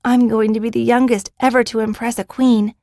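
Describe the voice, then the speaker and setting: A woman voicing a bold, eager young girl with the sight in an audiobook, proud and quick to exclaim. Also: a little high, level tone, mellow, dry recording, clean studio sound, voice pushed up, lightly acted. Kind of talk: audiobook character reading.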